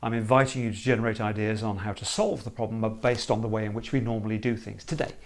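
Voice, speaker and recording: A man explaining a creative problem-solving method in an emphatic, animated teaching talk. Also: on the low side, fast talker. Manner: emphatic, animated, acts out hesitant problem owners.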